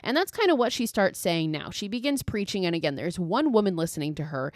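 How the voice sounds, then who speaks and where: A young woman runs through a film's plot for her podcast, swearing freely and slipping into the characters' lines. Her voice sits a little low, and the recording is dry and close with no room sound. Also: a little fast, dry recording. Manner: profane, animated retelling with quoted lines. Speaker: podcast host. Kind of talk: casual movie recap.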